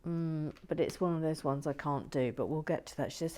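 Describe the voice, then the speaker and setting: A woman hosting her channel in relaxed, playful chat, often dropping into whispered asides and stammering restarts. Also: low voice, a little fast, hardly any pauses. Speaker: channel host building and reviewing brick sets. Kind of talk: relaxed casual chat to viewers.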